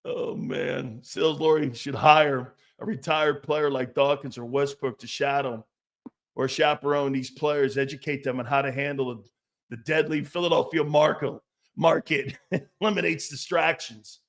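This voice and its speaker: A man hosting a casual sports talk show, blunt and animated, swearing freely. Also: mid-range voice, moderate pace.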